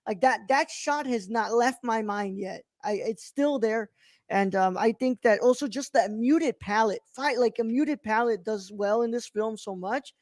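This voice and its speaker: A woman's voice: on the high side, a little slow, a little mellow, no room sound, clean studio sound. A woman co-hosting a podcast, reviewing a film in casual chat, rambling with many restarts and plenty of enthusiasm. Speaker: podcast co-host.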